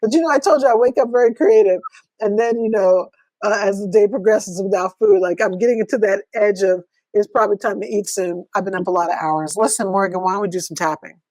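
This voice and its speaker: A woman's voice: medium pitch, fast, darkish tone, no room sound. A middle-aged woman co-hosting a coaching podcast, asking reflective questions in casual chat and laughing often.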